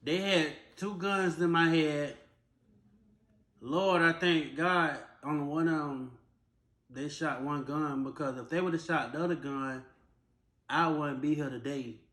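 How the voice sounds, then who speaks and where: A young man recounts a hard personal story in a plain, casual way. His voice sits a bit high for a man. The room around him is echoey. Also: steady tone, a bit bright. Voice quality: casual, plain-spoken, drawn-out retelling. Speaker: vlogger.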